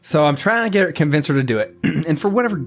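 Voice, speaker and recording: A man co-hosting a casual podcast, telling a relaxed anecdote about his kids. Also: fairly high pitch, quick pace, soft background music. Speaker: podcast co-host.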